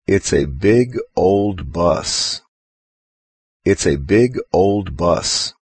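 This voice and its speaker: A man reading short phrases aloud in a slow drill, saying each one twice with care. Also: low voice, lively intonation, darkish tone, husky, dry recording. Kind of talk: slow repeat-after-me drill.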